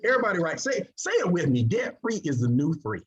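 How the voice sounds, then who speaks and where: A man giving an energetic sales presentation, drawing call-and-response from his audience. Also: fairly high pitch, quick pace. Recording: dull lo-fi recording.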